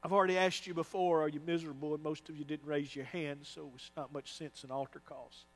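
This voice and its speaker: A man's voice: on the high side, little pitch movement, a little fast. A man preaching a sermon as pastor, emphatic and repeating phrases for effect. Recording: long hall reverb.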